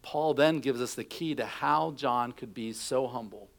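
A man's voice: mid-range voice, measured pace, gravelly. A middle-aged man preaching a sermon, telling stories and acting out quotes in a conversational way. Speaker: pastor.

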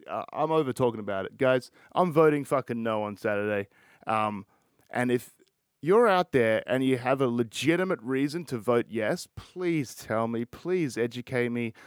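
A man hosts a solo podcast and talks in a loose, rambling rant. He sounds frustrated and swears constantly. His voice sits at an ordinary pitch and is recorded dry and close. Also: clean tone, no room sound. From Australia. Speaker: podcast host.

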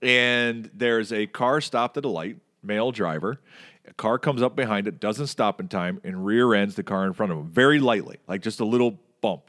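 A male podcast host in easy conversation with a co-host. He speaks in a lowish voice and brings his stories to life with animated, acted-out moments. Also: normal speed. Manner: animated storyteller, acts out scenes. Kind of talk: casual chat.

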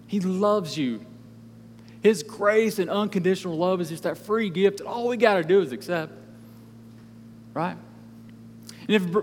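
Casual preacher, man, high voice, talks his sermon like a chat, recorded in a reverberant hall. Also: a little hiss or hum. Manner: conversational, acts out biblical characters.

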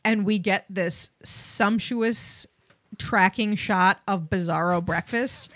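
A woman co-hosting a casual podcast chat about a TV episode, throwing in quick quips. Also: mid-range voice, a bit bright, no room sound. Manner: quick quips, riffs on bits. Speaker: podcast co-host.

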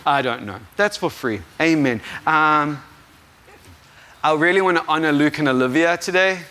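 A young adult man with a South African accent gives an informal sermon as a guest preacher, rambling, putting himself down, and often laughing at himself. His voice is on the high side, pushed and bright, at a moderate pace.

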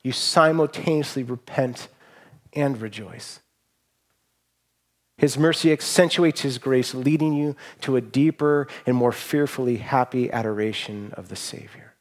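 A man's voice: medium pitch, measured pace. Earnest man preaching a sermon. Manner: earnest, emotional, with frequent restarts and soft trailing endings. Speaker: pastor.

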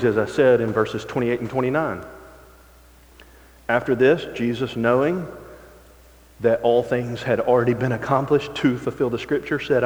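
Preacher with hushed, dramatic delivery. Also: male voice. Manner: dramatic shifts from loud emphasis to hushed low tones; slow, drawn-out scripture reading. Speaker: pastor. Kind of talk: sermon. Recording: long reverb of a large hall.

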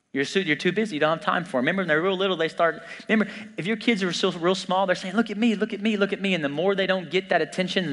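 A man preaching a sermon as pastor, conversational and animated, joking with his congregation. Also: high voice. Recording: long church hall reverb.

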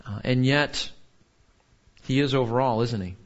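A man's voice: mid-range voice, a little slow, dull audio. A man teaching a Bible lesson to a class in a conversational way, often asking "right?" and repeating key points for emphasis.

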